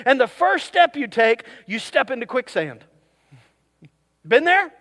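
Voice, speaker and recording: A pastor preaching a sermon to his congregation, with animated delivery and jokey asides to the crowd. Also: very high-pitched, moderate pace. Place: church service.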